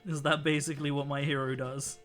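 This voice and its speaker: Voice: mid-range voice, little pitch movement, fairly quick, fairly bright tone, soft background music. A streamer chatting casually and making wry jokes while painting miniatures. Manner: joking, wry.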